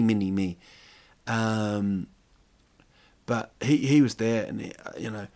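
A man's voice: lowish voice, slow pace, long pauses, a little mellow. A man hosting a podcast, telling jokey stories in a rambling, casual monologue full of restarts. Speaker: podcast host.

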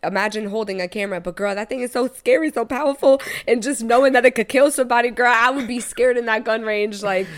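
A young woman co-hosting a podcast, chatting casually, animated and laughing often, swearing freely. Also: on the high side, fast, few pauses. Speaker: podcast co-host. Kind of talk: casual chat.

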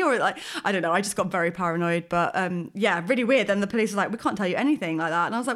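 A woman co-host tells a story in casual chat, rambling and animated. Her voice sits in a middle range. She piles on fillers as she goes. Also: mid-range voice, fast, hardly any pauses. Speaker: podcast co-host.

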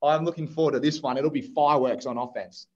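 In lo-fi sound, an Australian man with a mid-range voice runs through sports picks at a quick clip. He's a podcast co-host, casual and eager in his chat.

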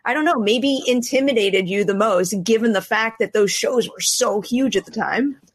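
Interviewer, woman, upbeat, somewhat high pitch, casual chat. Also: normal speed.

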